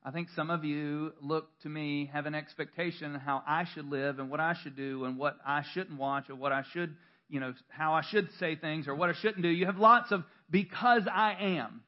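A man's voice: fairly high pitch, fairly even intonation, normal speed, lo-fi sound. A male pastor preaching a sermon in a church, talking conversationally with self-deprecating stories, restarts and laughter.

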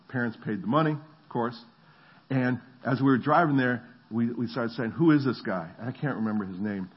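A middle-aged man preaches with a slightly husky voice, at an ordinary pitch for a man. He tells stories with animated energy and slips into voices for the people in them. The recording sounds a bit dull and lo-fi. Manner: animated storytelling, acts out voices. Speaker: pastor. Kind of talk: sermon.

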